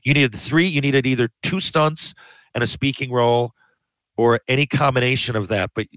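A man's voice: medium pitch, normal speed, fairly bright tone, no room sound, rough recording. A man telling long, rambling anecdotes in a casual chat, often restarting his sentences. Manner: rambling, self-interrupting anecdotes. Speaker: podcast guest. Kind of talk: casual storytelling.

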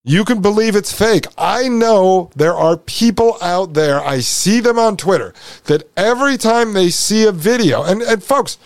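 A man's voice: sits high, lively intonation, measured pace, no echo, clean studio sound. A man hosting a podcast, commenting over a video he is playing, emphatic and repetitive, with sarcastic asides. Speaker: podcast host.

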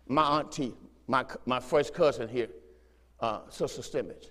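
A man's voice: medium pitch, moderate pace, a bit bright, in a large hall. A man preaching a fervent sermon as pastor, repeating phrases and urging his listeners on. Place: church sanctuary.

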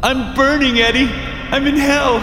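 Cruel cackling female ghost for a horror story; man voicing her, high and jeering. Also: little pitch movement, a little slow, echoey room, long reverb tail, noisy background. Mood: taunting. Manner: taunting, shrill and mocking. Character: vengeful dead woman's ghost, cruel and cackling.

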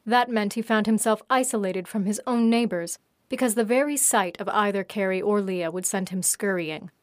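A woman narrating her own story in a steady, even reading voice. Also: mid-range voice, normal speed, no room sound, clean studio sound. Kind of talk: audiobook narration.

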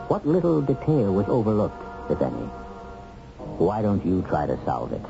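Measured, suspenseful male show host. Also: on the low side. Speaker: host narrator. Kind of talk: scripted TV narration. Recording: dull old TV soundtrack over music. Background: music.

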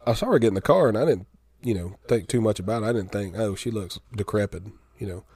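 Deadpan man telling a story. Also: fairly low pitch, fast talker, slightly rough, dry recording. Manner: drawling, deadpan storyteller who acts out both sides of a quarrel. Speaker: podcast co-host. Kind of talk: casual storytelling chat.

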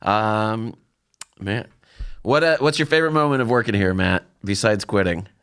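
A man with a fairly low voice hosts a loose, joking chat. He teases the guests and cuts in often with quick asides, keeping the talk rolling. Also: fairly bright tone, clean tone. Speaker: podcast host. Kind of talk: casual chat.

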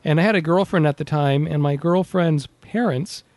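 Man, podcast host, casual chat, rambling, earnest, slightly high voice, dry sound. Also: moderate pace, a little mellow, no echo. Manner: rambling, earnest, many fillers and self-interruptions.

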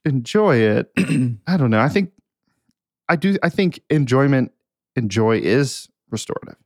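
A young man with a gravelly, creaky edge to his voice chats quickly and loosely, full of fillers. He co-hosts a casual podcast and reads out listener questions. The sound is close and dry. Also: medium pitch, very animated, a little mellow, no echo. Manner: chatty, quick, laughs easily, lots of fillers. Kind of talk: casual internal company podcast.

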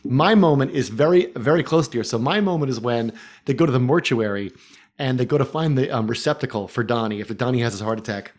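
A man's voice: mid-range voice, fast. A man co-hosting a casual film-discussion podcast, talking enthusiastically and laughing often as he goes. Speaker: podcast co-host.

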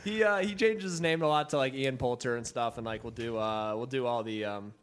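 A man's voice: mid-range voice, a little fast, clear, resonant tone. A young man talks as a podcast co-host. He rambles and hedges his points in loose, slangy chat. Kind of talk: casual chat.

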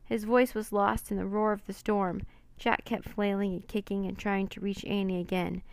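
A woman reading a children's adventure book aloud, with expressive, dramatic narration. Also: medium pitch, moderate pace, clean tone, no echo.

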